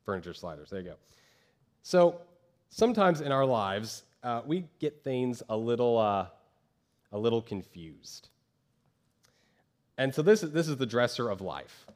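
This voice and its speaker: A man preaching a sermon as pastor from a church stage, lively, acting out the voices of the people he describes. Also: medium pitch, unhurried, long pauses. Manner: animated, acts out quoted voices of churchgoers.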